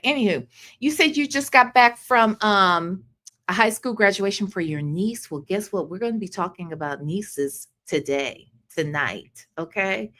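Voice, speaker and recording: Woman livestream host: slow, animated pitch, casual chat greeting viewers. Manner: greets viewers by name, chatty and drawling.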